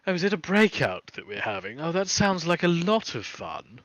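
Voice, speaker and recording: A man's voice: a little high, sing-song, normal speed, fairly bright tone, no echo, pitched above the performer's own voice. A man playing a haughty, posh woman, a swamp witch, in an airy, theatrical manner. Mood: delighted. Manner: airy, theatrical and fond of endearments.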